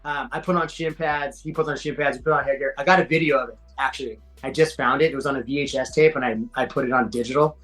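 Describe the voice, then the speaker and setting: A middle-aged man, a podcast guest telling fight stories in a slangy, animated way. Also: mid-range voice, fast talker, few pauses, soft background music, low-quality recording. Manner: animated, acts out quoted voices, slangy. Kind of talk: casual storytelling.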